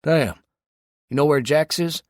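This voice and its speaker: A man voicing an eager young male raider scout who calls in over a radio with quick, keyed-up replies. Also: a little high, dry recording, clean studio sound, voice pushed up, close to an everyday voice.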